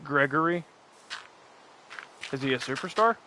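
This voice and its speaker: Bright-voiced male game streamer. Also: on the high side, animated, unhurried, a little hiss or hum, low-quality recording. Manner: rambling, laughs often, talks back to chat. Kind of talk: casual chat while playing and reading chat.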